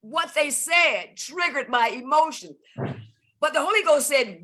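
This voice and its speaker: A woman's voice: high voice, animated, unhurried, sharp tone. A woman giving a fervent, preacher-like testimony on a video call, repeating phrases for emphasis. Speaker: guest speaker.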